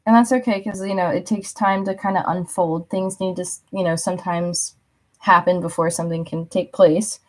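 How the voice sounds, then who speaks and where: A woman's voice: fairly low pitch, steady tone, normal speed. A young woman giving a casual spoken tarot reading, chatty with many fillers, laughing often and acting out little quotes. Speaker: tarot reader.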